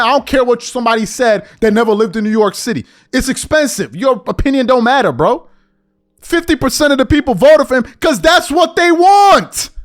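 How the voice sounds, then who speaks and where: High, lively man ranting on a podcast. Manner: exasperated, repeats rhetorical questions. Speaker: podcast host. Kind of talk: opinion commentary rant.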